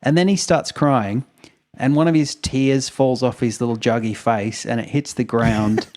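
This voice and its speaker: A man's voice: mid-range voice, steady tone, normal speed, a little mellow. A man, co-hosting a podcast, retelling events in a rambling, wry way with chuckles. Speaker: podcast co-host. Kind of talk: casual storytelling chat.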